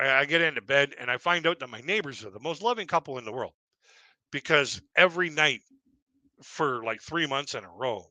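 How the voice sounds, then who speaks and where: A man's voice: a little high, sharp tone, no room sound. A man from Canada telling rambling, self-deprecating stand-up stories and laughing at his own jokes. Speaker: stand-up comedian. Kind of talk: stand-up storytelling on a live stream.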